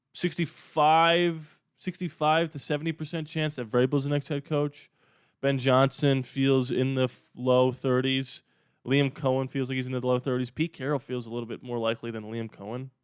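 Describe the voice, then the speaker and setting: A man talks through his opinions in a casual, emphatic way, like the host of his own sports channel. His voice is smooth and clear at a middle pitch. The sound is dry and close, with no room echo. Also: little pitch movement, brisk.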